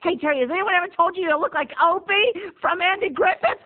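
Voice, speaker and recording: A man voicing a loud, gushing middle-aged mother who fawns and exclaims in a shrill voice, with tinny phone-like sound. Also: fast talker. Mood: effusive.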